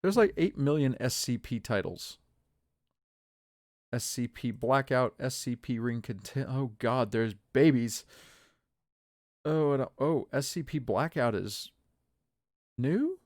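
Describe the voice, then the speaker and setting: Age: 30s. Sex: man. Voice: gravelly, dry. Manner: rambling streamer chatter. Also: medium pitch, animated, takes it slowly, long pauses, darkish tone, no echo. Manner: rambling, chatty asides to viewers. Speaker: game streamer. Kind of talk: live gameplay commentary.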